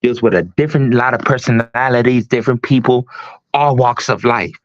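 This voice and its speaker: A man's voice: medium pitch, a little fast, no room sound. A man hosting a livestream talk show, ranting emphatically with a lot of profanity. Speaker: host. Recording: dull lo-fi stream audio.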